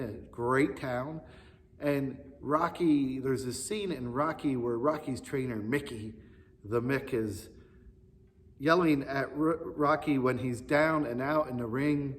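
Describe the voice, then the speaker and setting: A male pastor giving an earnest children's sermon, repeating key phrases for emphasis. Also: medium pitch. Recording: long reverb, echoey hall.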